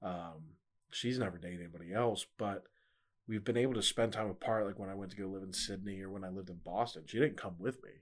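A man's voice: low-pitched, brisk. Laid-back young man telling a story. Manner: laid-back storytelling, laughs often, many fillers. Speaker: podcast guest. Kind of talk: casual chat.

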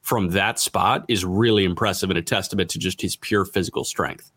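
Lower voiced podcast dude, dry close mic, kinda hesitant, rattles off stats. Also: male voice, a little fast, husky, no room sound. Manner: relaxed, hesitant, reads out stats. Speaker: podcast co-host. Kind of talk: casual analytical chat.

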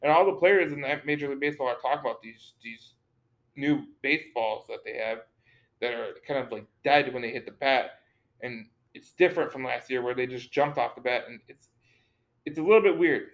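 A man's voice: medium pitch, fairly quick, low-quality recording. Rambling man talking sports. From Detroit area. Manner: rambling, repeats words and restarts often. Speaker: podcast co-host. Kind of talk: casual sports talk.

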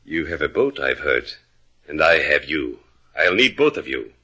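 An actor playing a smooth, sardonic villain in a 1950s radio drama. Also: male voice, rumbling low, big pitch swings, a little slow, bright, forceful tone, exaggerated voice. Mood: menacing. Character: suave menacing villain, mocking and cold.

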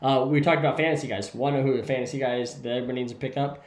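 A man co-hosting a casual sports podcast, relaxed and thinking aloud with lots of hesitations as he weighs his picks. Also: mid-range voice, rapid-fire. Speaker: podcast co-host making game picks. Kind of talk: casual sports-betting chat. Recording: echoey room.

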